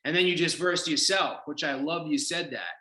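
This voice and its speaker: Bright, echoey, enthusiastic male podcast host. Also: fairly high pitch, normal speed. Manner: enthusiastic, rambling, lots of "like". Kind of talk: casual podcast chat. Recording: echoey room.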